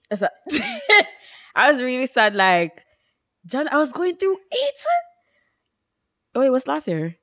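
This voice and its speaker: A young woman chats as a podcast co-host. Her pitch swings widely as she tells stories, and she breaks into laughter often. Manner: animated storyteller, laughs often. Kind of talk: casual chat.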